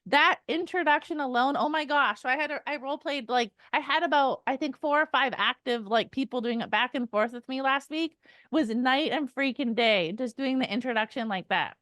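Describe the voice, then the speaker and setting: A woman coaching a sales team in an energetic, emphatic way, acting out sample call lines. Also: sits high, normal speed, no echo. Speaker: sales trainer.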